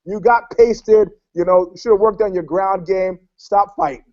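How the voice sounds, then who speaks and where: A man's voice: sits high, steady tone, moderate pace, no echo. Profane, rambling man on a call. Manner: profane, rambling storyteller who acts out quotes. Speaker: panelist. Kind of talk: casual podcast chat. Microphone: video call. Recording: dull, dry online call audio.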